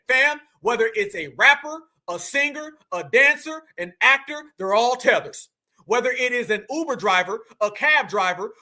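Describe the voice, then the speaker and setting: An American commentary channel host delivers a heated, profane monologue in an extremely high, pushed and bright voice. It is packed with slang and emphatic repetition.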